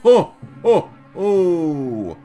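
A man voicing a big, booming department-store Santa with a hearty baritone and drawn-out laughs, read in a storybook. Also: sing-song, dark tone, soft background music, full character voice. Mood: jovial.

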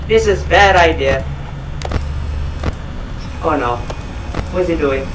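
A man's voice: on the high side, slow, pauses often. A man commenting nervously on a horror game as he plays it, pleading with the game and its characters. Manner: anxious, pleading, talks to the game. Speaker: gaming YouTuber. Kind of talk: frightened let's-play commentary. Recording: echoey room from far off with noise.

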